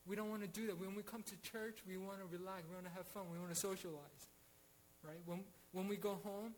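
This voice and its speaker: Man, high voice, earnest bible study teaching, lots of restarts, asks "right?" a lot, faint hum behind. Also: steady tone, fast talker, rough recording.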